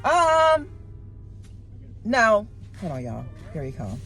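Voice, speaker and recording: A woman vlogs from the driver's seat, speaking unhurriedly as her pitch swings up and down. She chats with her viewers, animated and open. Music plays behind her phone recording. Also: slow pace. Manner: animated, chatty, talks straight to viewers. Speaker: vlogger. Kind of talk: casual vlog chat. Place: inside her car at a car wash.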